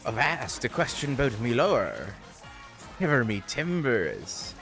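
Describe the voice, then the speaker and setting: A man's voice: medium pitch, wildly swooping pitch, takes it slowly, fairly bright tone, faint music behind, exaggerated voice. A man putting on a playful, theatrical pirate persona full of old-timey slang while streaming a game. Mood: hammy. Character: hammy swashbuckling pirate, adult man.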